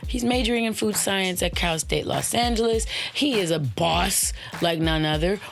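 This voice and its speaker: Soft background music plays as a woman hosts her own podcast, speaking at a moderate pace with vocal fry. Her casual motivational talk is playful and slangy, marked by swooping high exclamations and web addresses spelled out letter by letter.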